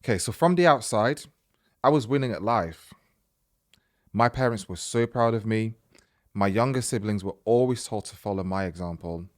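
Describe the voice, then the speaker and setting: A young man with a fairly low voice reads a listener's story aloud, casual and chatty, stopping again and again to react and wander off topic. The sound is dry and close, with no room around it. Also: expressive, normal speed, dry recording. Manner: chatty and digressive, reads aloud then breaks off to comment. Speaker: podcast host reading a listener story.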